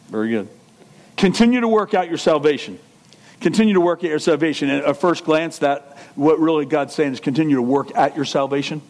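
Really high-pitched guy preaching, lively and jokey, pastor giving a sermon. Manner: animated, jokey, with voiced impressions and laughs.

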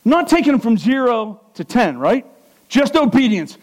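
A man with a very high-pitched voice preaches to his church. He fires questions at the congregation and pushes them to answer, keeping the sermon lively and interactive. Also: moderate pace, poor audio. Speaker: pastor.

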